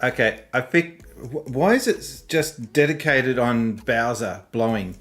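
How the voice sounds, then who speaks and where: A man's voice: medium pitch, unhurried, fairly bright tone, soft background music. A man, casually chatting and chuckling while fixing his stream setup. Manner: laid-back, chuckling, muttering while fixing tech. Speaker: streamer hosting a game stream.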